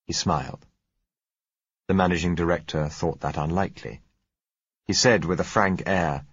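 Male narrator, very low voice, husky, measured, dry, muffled lo-fi audio. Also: no room sound. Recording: dull lo-fi recording.

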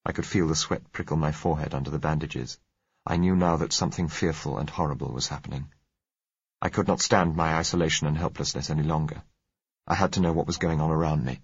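Man, audiobook narration, very low voice, husky, dry dull recording. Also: fairly even intonation, no room sound. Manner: measured, dramatic storytelling with shifts in emphasis. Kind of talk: scripted first-person audiobook narration.

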